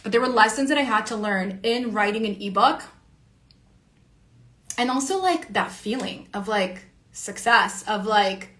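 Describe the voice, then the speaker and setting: Slightly high-voiced woman, rambling and profane. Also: normal speed, fairly bright tone. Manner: rambling and profane, heavy use of "like". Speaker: online creator and educator. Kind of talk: casual monologue.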